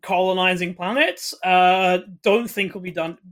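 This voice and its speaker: A woman co-hosting a casual chat, quick and sarcastic, with frequent laughs and restarts. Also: fairly low pitch. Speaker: podcast co-host.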